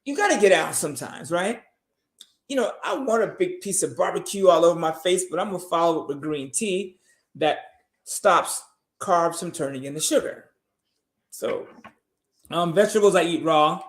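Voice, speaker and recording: A man co-hosting a talk show, giving animated, opinionated advice in casual speech and swearing freely. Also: a little high, reverberant. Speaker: podcast co-host.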